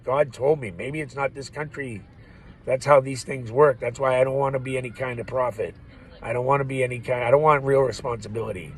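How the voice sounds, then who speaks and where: A man's voice: medium pitch, fairly even intonation, a little fast, slightly rough, poor audio. A man rambling through a profane, laugh-filled monologue as a vlogger. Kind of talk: ranting monologue.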